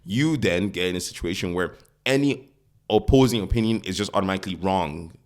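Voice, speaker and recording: A Nigerian man co-hosts a podcast, chatting casually in a blunt, animated way and acting out quoted voices. His voice is low-pitched and fairly quick.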